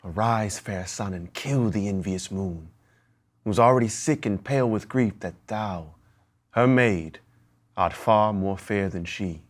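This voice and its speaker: A male actor reciting Shakespearean verse as the lovestruck young Romeo, in a measured, lyrical delivery. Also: fairly low pitch.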